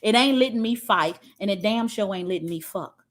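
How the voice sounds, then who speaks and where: A woman's voice: medium pitch, fairly quick, natural voice. Woman doing a stubborn bull, all swagger and cussing, in a told fable. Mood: defiant. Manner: crude and defiant. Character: stubborn, brash male bull.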